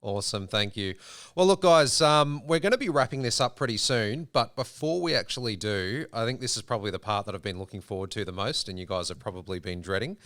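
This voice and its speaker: A man with an Australian accent hosting a casual podcast interview, upbeat and quick to laugh. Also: on the low side, fairly bright tone. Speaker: podcast host.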